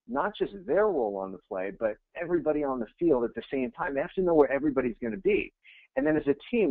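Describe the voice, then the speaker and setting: A male coach talks through a webinar with a lively, rising and falling delivery and a gravelly edge in his voice. His words come over a thin, phone-like line with no room sound around them. He speaks casually and with energy, repeating phrases for emphasis. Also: medium pitch, no echo. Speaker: real estate coach. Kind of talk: webinar presentation. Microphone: webinar audio feed. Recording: tinny phone-like line, dry.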